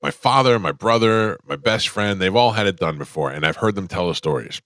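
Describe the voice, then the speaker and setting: Radio host, man, very low voice, dry studio sound, loose storyteller. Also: animated, a little fast, fairly bright tone, no room sound. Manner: laughs easily, tells stories. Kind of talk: casual comedic chat.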